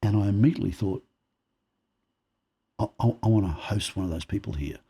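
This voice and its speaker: A podcast guest from Australia, this man has a fairly low, slightly rough voice and a brisk pace. He tells personal stories in conversation, animatedly acting out the quoted dialogue as he goes.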